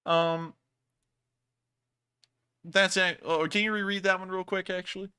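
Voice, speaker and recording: A man's voice: sits high, steady tone, measured pace, bright, forceful tone, clear, resonant tone. A young man hosting a casual livestream, thanking donors with laughter and rambling asides. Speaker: livestream host.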